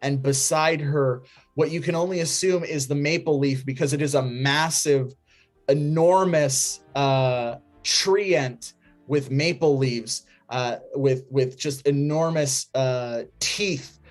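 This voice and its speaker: A game master narrating a tabletop game, describing scenes with many pauses and fillers. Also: medium pitch, soft background music.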